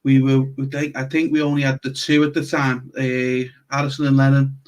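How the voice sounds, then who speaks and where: A man with a Scouse accent hosting a podcast in casual chat, chatty and quick to joke and laugh. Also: mid-range voice, monotone. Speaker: podcast host.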